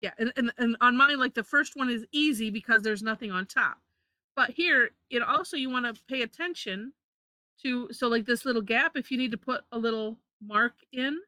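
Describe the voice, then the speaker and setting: Bright chatty woman teaching drawing. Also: fairly high pitch, normal speed, dry recording. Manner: chatty, self-correcting, laughs often. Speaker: drawing instructor. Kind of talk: live online drawing lesson.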